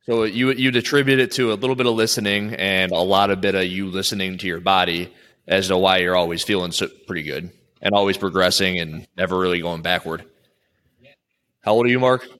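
Low-voiced male coach, loose conversational interviewer who trails off and restarts. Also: fairly even intonation, brisk, a bit bright. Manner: rambling, with frequent restarts. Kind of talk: casual interview chat.

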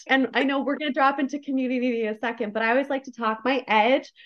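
A woman's voice: sits high, steady tone, quick pace, fairly bright tone. A woman podcast guest telling a personal story in a candid, effusive way, full of "like" fillers. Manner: effusive, emotionally open, many "like" fillers. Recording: dull lo-fi recording.

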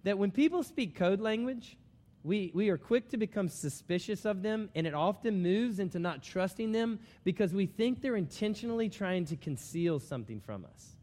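A man preaching a sermon, telling a personal story in an animated storytelling manner. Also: sits high, normal speed, big-room sound. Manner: storytelling, animated when excited.

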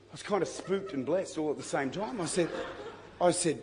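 A man preaching a sermon, telling a story with lively jokes and bursts of shouting, in a large church hall. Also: on the high side, moderate pace, background noise. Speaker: pastor. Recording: long hall reverb, faint crowd ambience.

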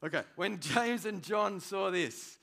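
A man preaching a sermon, animated and conversational, swinging between loud emphasis and quiet asides. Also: sits high, unhurried, gravelly. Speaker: pastor.

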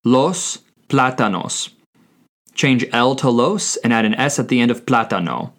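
A man teaching a scripted language lesson, speaking deliberately and spelling words out letter by letter. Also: medium pitch, animated, a bit bright.

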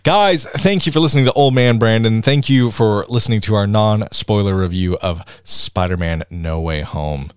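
A man's voice: lowish voice, normal speed, few pauses, smooth, no room sound, studio quality. A man co-hosting a podcast, talking in an emphatic, ranting casual chat. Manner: emphatic, ranting, jumps between loud and soft. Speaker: podcast co-host.

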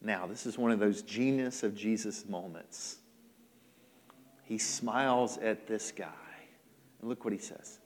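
A man's voice: lowish voice, a little slow, long pauses. A man preaching a sermon as pastor, emphatic and repetitive, sometimes acting out the people he quotes. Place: church sanctuary. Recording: long hall reverb.

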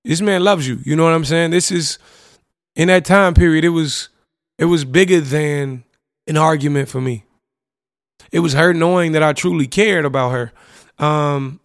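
A gravelly young podcast host with a fairly high voice reminisces candidly in a reflective monologue, using slang, profanity and frequent "you know what I'm saying." The sound is dry and clean, studio-made.

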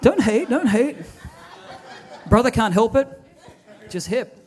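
A man's voice: extremely high pitch, animated, takes it slowly, a little mellow, a faint crowd. A man, preaching a sermon as lead pastor, telling stories animatedly with quoted dialogue.

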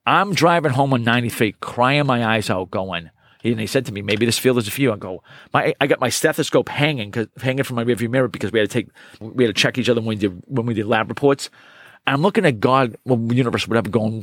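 Middle-aged man, podcast guest, energetic, swears a lot, mid-pitched voice, dry close mic. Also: fast, no echo. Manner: energetic, profane, repeats words when fired up. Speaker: podcast guest, trainer and author. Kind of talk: casual interview storytelling.

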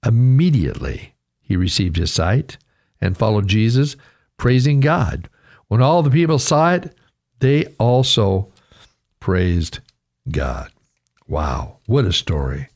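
A man preaching a radio sermon, earnest and conversational, his pitch rising sharply when he voices a quoted cry. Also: expressive, takes it slowly, long pauses, a little mellow. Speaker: radio pastor.

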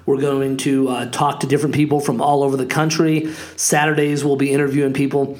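A man's voice: medium pitch, little pitch movement, brisk, a little mellow. A man in his forties, a real estate agent hosting a podcast, talking in a casual, upbeat and rambling way with lots of fillers. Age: 40s. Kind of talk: casual monologue.

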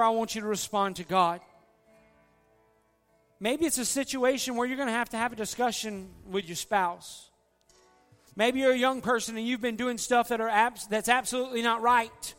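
A man's voice: high-pitched, fairly bright tone, clear, resonant tone. A man preaching an earnest, folksy sermon as pastor, pleading with his congregation at the altar call. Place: church sanctuary. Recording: long hall reverb, faint music.

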